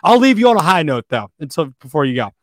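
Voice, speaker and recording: A young man co-hosting a sports podcast, ranting in an animated, exasperated way and saying he is losing his voice. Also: on the high side, fast talker, dry recording, studio quality. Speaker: podcast co-host. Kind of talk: casual sports podcast rant.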